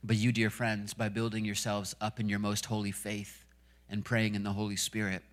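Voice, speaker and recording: A pastor in his thirties preaches on a church stage with a live band while worship music plays. His low-ish voice comes at normal speed with a completely flat delivery, yet he's chatty, laughs often, and builds to fervent emphasis.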